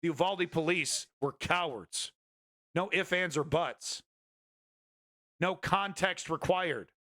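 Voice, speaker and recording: A man talks through news clips on his stream in a loose, rambling way. He is blunt and swears freely. His voice sits a little high, and his tone is bright and forceful. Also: slow pace. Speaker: news commentary host. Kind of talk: casual political commentary stream.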